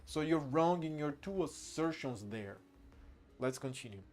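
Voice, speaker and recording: A man's voice: fairly high pitch, lively intonation, measured pace, darkish tone. Man arguing with his chat. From Brazil. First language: Brazilian Portuguese. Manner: argumentative, profane, answering chat. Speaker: gaming streamer. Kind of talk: livestream gameplay commentary.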